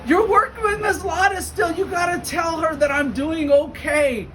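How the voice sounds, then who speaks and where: A man voicing an excited young male restaurant attendant who eagerly shouts his news. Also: very high voice, normal speed, slight background noise, voice pushed up. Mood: thrilled.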